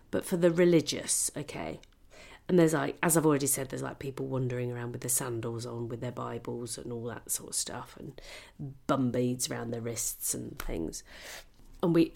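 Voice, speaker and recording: A British woman hosting a podcast, telling a comic story in a sweary, animated way with mock-French asides. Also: deep voice, gravelly. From Britain. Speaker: podcast host.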